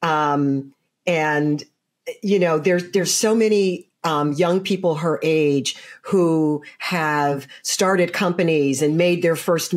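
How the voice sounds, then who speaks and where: Woman host in her sixties, thoughtful and halting, lowish voice. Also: darkish tone. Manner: thoughtful, hesitant with many fillers. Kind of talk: conversational interview.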